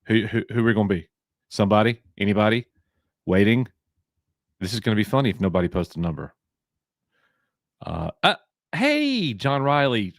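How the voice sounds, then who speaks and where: A man's voice: fairly low pitch, fairly quick, creaky, long pauses, dry recording, clean studio sound. A man from Alabama with a Southern accent, hosting a casual live stream, joking and bantering as he reads names from chat.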